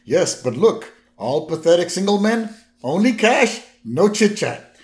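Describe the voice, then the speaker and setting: A man's voice: high voice, big pitch swings, measured pace, voice pushed up. A man putting on a polite, wry male convenience store clerk with a formal manner. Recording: roomy echo.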